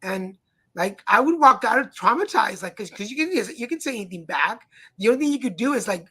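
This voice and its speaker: A middle-aged man co-hosting a casual talk stream, chatty and halting with fillers and restarts. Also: high voice, expressive, sharp tone, slightly rough. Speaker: co-host. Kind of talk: casual chat. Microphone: home streaming setup.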